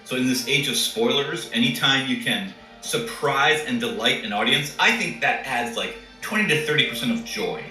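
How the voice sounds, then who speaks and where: An enthusiastic male executive answers interview questions in a bright, forceful voice. He sounds set back from the mic in an echoey space, with faint music behind him. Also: mid-range voice, expressive, moderate pace, hardly any pauses, far from the mic. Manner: enthusiastic, promotional. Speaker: guest, game company executive.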